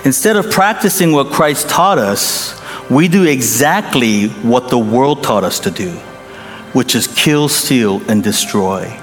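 Animated male pastor preaching in a hall. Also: medium pitch, takes it slowly, soft background music. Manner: animated storytelling with acted quotes. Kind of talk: sermon.

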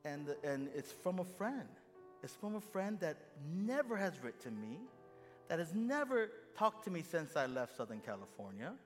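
A middle-aged male pastor tells a story from the pulpit with animated, self-mocking humor, slipping into voices as he goes. His voice sits a little high for a man. It rings with long reverb in a large hall, over soft instrumental music. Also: normal speed. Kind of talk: storytelling sermon.

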